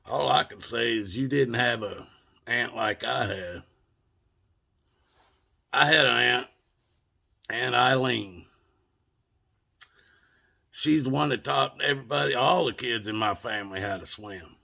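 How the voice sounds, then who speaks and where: Brief: plainspoken Appalachian man spinning a yarn, drawled and unhurried, crisp bright edge. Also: medium pitch. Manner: drawling, plainspoken, cusses casually. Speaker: storyteller. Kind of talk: folksy storytelling monologue.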